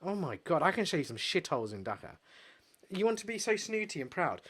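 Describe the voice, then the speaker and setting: A young English man co-hosting a casual podcast, blunt and sweary, telling animated stories. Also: a little high, fairly quick. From England. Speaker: podcast co-host. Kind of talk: casual chat.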